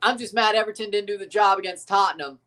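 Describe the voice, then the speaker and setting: A man hosting a live watchalong of a football match, excitable and opinionated, often exclaiming and laughing at the action. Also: high voice, quick pace, far from the mic. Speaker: livestream host reacting to a match.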